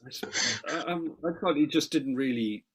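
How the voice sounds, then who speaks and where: Irish male guest, middle-aged, husky voice, animated storyteller who swears freely. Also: fairly high pitch, low-quality recording. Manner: animated anecdotes, quick asides and frequent swearing. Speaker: guest musician. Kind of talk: casual interview storytelling.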